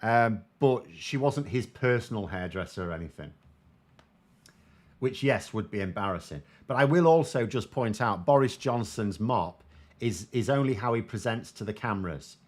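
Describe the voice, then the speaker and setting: A man's voice: fairly low pitch, lively intonation, moderate pace. A British man giving casual political commentary and answering viewer comments in a wry, sardonic, conversational way. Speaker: political commentator, show host.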